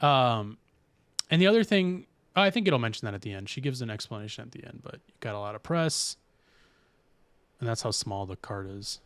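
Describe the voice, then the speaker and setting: A man's voice: mid-range voice, animated, normal speed, clean tone, no echo. Chatty podcast host man, dry sound. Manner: rambling, reads aloud with restarts. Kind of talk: casual chat.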